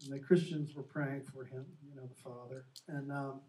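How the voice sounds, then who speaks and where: A man's voice: medium pitch, normal speed. A man co-hosting a Christian talk show, telling a faith story casually and earnestly, acting out the quotes. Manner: earnest, animated storyteller who acts out quotes. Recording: echoey room, distant from the mic.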